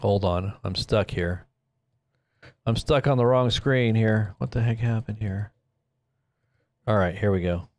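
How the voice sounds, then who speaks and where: A man's voice: lowish voice, measured pace, long pauses, darkish tone, no echo. A man hosting a casual live news stream, rambling and joking, often breaking off and restarting his sentences. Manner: rambling, self-interrupting, joking. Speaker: host. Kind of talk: casual livestream commentary.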